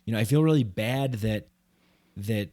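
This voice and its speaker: A man's voice: lowish voice, moderate pace, warm tone, dry recording. A man hosting a podcast, talking in a loose, rambling way full of "like" and "you know". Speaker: podcast host. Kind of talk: casual conversation.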